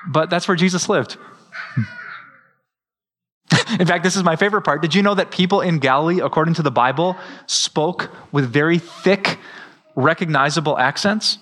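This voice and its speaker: A middle-aged man, preaching a sermon as pastor in a lively, joking way. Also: on the high side, normal speed, long pauses, a little hiss or hum. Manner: lively, joking, with frequent laughs.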